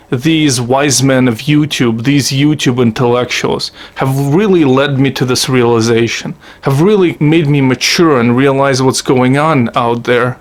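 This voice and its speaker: A man hosting a comedy video, delivering a satirical monologue as a profane, sarcastic, mock-earnest rant. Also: mid-range voice.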